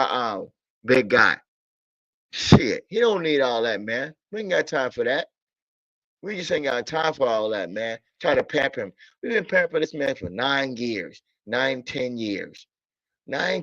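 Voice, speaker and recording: A man's voice: medium pitch, a bit bright, no echo. A man ranting about football in a casual stream, blunt and profane, repeating himself in exasperation. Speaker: sports talk streamer. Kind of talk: casual sports rant. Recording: dull lo-fi audio.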